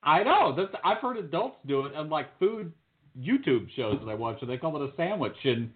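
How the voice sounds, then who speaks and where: A man co-hosting a podcast, swearing freely and getting excitable in casual banter. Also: on the high side, moderate pace. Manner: profane, excitable. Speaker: podcast co-host. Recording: phone-like lo-fi audio.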